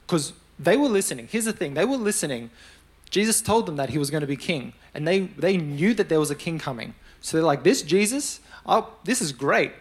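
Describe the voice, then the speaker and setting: A man's voice: fairly high pitch, brisk. A young adult man preaching a sermon in a conversational style, acting out the voices of the people he quotes. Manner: conversational, animated storytelling with acted-out quotes.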